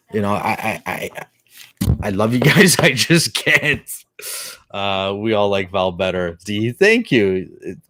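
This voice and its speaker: A man's voice: lowish voice, no room sound, studio quality. A middle-aged man hosting a casual live-stream chat, telling a family story in a rambling way, full of restarts and fillers.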